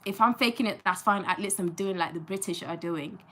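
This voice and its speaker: A young woman from Gambia chats loosely with her live-stream audience. Her voice is bright and forward, with a medium pitch. She talks emphatically and often repeats short phrases for stress. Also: a little fast, slight background noise. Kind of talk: casual live-stream chat.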